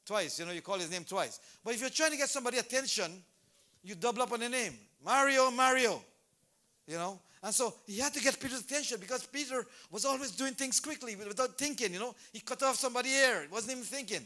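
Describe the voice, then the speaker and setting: Male preacher, high and bright, animated, shouts exhortations at a church service. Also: quick pace. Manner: animated, repeats names, bursts into shouts. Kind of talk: sermon.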